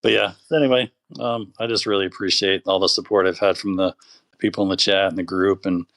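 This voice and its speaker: A man calling in to a show, chatting casually and rambling with warm thanks. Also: low-pitched, fairly even intonation, fast, gravelly. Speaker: caller. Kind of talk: casual call-in chat.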